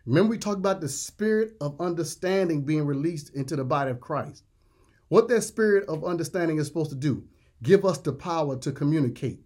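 A man preaching with a fairly high voice. He is emphatic, repeats words, and slows right down to stress each line of scripture. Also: animated, a little mellow. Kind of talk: sermon.

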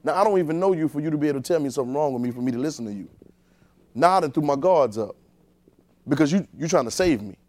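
A male preacher giving a conversational sermon, talking directly to his congregation and swinging between quiet, low asides and loud emphasis. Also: lively intonation, fast talker.

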